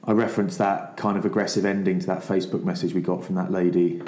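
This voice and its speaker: A man with a deep, dark voice hosts a casual podcast chat. He tells anecdotes in a chatty, easygoing way. The recording sits in an echoey room. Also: little pitch movement, fast talker, slight background noise. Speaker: podcast host.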